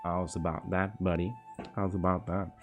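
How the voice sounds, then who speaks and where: Over faint background music, a man in his twenties streams games and chats casually in a low, flat voice. He's relaxed, swears heavily, and tells stories peppered with quick voice impressions.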